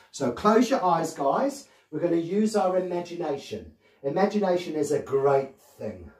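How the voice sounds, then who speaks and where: A man, a children's magician telling a story in a playful, animated way to young children. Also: a little high, normal speed. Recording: roomy sound from a distant mic.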